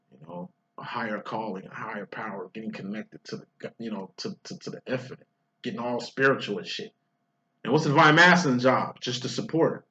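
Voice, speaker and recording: A man with a slightly high, sharp-toned voice gives a casual tarot reading, blunt and profane, mocking his listener and acting out quoted lines in a raised voice. The recording is dull and lo-fi.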